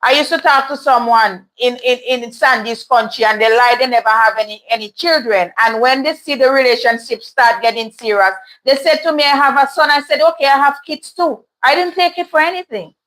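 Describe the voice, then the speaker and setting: A woman talks casually to her live audience, answering their comments with frank, chatty opinions. Her voice sits slightly on the higher side. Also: fairly quick, few pauses, a bit bright, rough recording. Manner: candid, chatty, laughs often. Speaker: livestream host reading chat. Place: home in Toronto.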